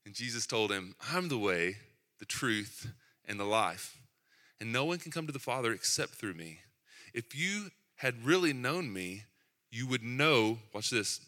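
A man's voice: fairly low pitch, sharp tone. A middle-aged man preaching a sermon in a church, conversational and joking between points, with asides about his kids. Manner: conversational, self-deprecating asides. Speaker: pastor.

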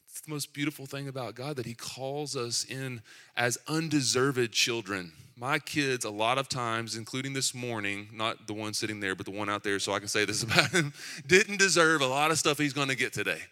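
Medium in pitch with a sharp tone, a middle-aged pastor preaches in church. He keeps it conversational, joking between points and tossing in self-deprecating asides about his kids.

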